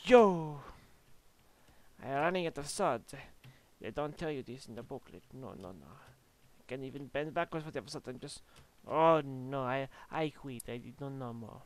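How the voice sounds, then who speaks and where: A man's voice: mid-range voice, animated, moderate pace. A young Australian man doing goofy game commentary and slipping into silly voices. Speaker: gaming YouTuber.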